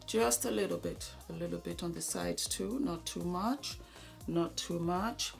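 A woman's voice: on the low side, unhurried, vocal fry, soft background music. A woman beauty vlogger talking through a makeup tutorial, gushing and affectionate with viewers, sometimes dropping to a murmur as she works. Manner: drops to a murmur while applying makeup.

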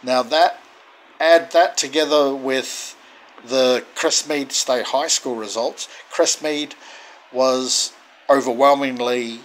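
A man's voice: mid-range voice, steady tone, slow pace, low-quality recording. A man speaking his mind in a casual monologue, indignant and emphatic, repeating words for stress. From Australia.

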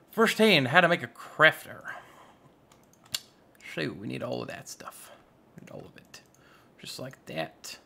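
Gravelly-voiced male gaming host, unhurried, joking at his own expense while he plays. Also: a little high, pushed and bright. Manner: playful, goofy, self-mocking. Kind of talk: casual let's-play commentary.

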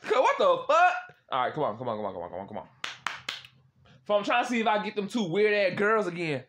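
Lively, slangy young man. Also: sits high, fast talker, a little hiss or hum. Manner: slangy, swears often, loud exclaiming reactions and laughs. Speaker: host chatting with strangers on a random video chat app. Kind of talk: casual chat.

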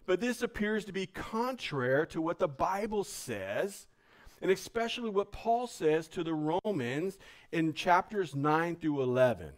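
A man delivers a sermon from the pulpit of a church. His voice sits a bit high, and his style is casual, plain-spoken and easygoing, with "man" dropped into his sentences. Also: lively intonation, a little slow. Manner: casual, joking, says "man" often. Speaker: pastor.

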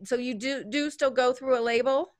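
A woman co-hosting an interview, asking quick, eager questions. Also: high voice, no room sound. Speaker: podcast co-host. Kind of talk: casual interview chat.

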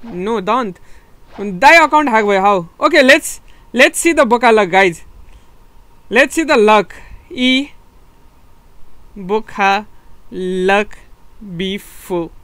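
A young man from Nepal with a Nepali accent, streaming and commenting on his game live, excitable and laughing often, repeating words and switching between English and Nepali. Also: high voice, takes it slowly, pauses often, no room sound. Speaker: gaming streamer.

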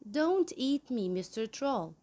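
A woman's voice: fairly high pitch, big pitch swings, slow, warm tone, exaggerated voice. A woman voicing a small, frightened young billy goat who pleads politely in a children's story. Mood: pleading.

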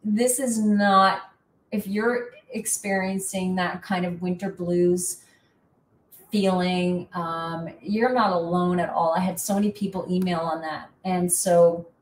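A woman's voice: lowish voice, steady tone, slow, distant mic, a little hiss or hum. A middle-aged woman from Canada, hosting in a casual, rambling, chatty way. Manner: chatty, rambling, self-deprecating. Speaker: host. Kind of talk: casual chat. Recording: echoey room from off-mic.

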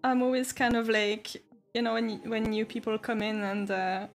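Young woman streamer, slightly high voice, giggly and chatty, soft music underneath. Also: flat delivery, normal speed, creaky. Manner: giggly, chatty, reads chat messages aloud. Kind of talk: casual chat with live chat while painting.

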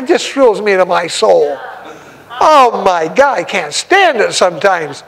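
A man preaching an informal sermon as a visiting evangelist, breaking often into laughs and shouts of praise. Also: high voice, expressive, measured pace, vocal fry, low-quality recording.

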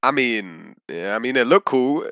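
A young man hosting a casual reaction video, slangy and excitable, often breaking into shouts and laughter. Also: mid-range voice, measured pace, loud music behind the voice. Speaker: YouTube reaction host.

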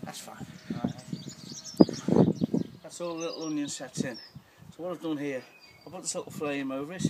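A man's voice: mid-range voice, fairly even intonation, normal speed, very noisy. Older man gardening outdoors, birds chirping. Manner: rambling, plain-spoken, with fillers and restarts. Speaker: home gardener. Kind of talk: casual narration while gardening. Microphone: camera held by someone filming. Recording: loud outdoor ambience with birds.

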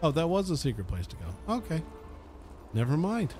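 A man's voice: on the high side, sing-song, normal speed, a little mellow. A man casually commenting on a video game as he plays, chatty and sarcastic, swearing freely. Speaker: let's play host. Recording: game music under the voice.

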